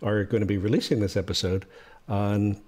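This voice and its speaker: A man's voice: on the low side, steady tone, brisk, a little mellow. A man co-hosting a casual podcast chat, easygoing and wry while nursing a cold. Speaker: podcast co-host.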